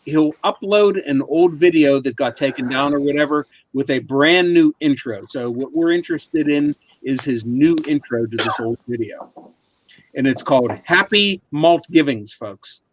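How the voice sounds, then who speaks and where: A man's voice: fairly high pitch, slight background noise. A man co-hosting a casual chat show, steadily guiding the talk from one segment to the next. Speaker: show co-host.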